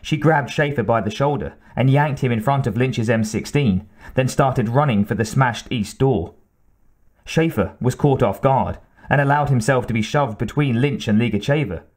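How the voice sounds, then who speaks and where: A man narrates a military thriller audiobook in a steady, even way. His voice sits at a middling pitch for a man. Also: moderate pace. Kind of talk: scripted narration.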